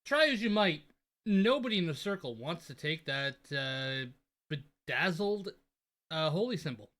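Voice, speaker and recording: A man acting as game master of an online tabletop role-playing game, easygoing and quick to laugh. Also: on the high side, expressive, a bit bright.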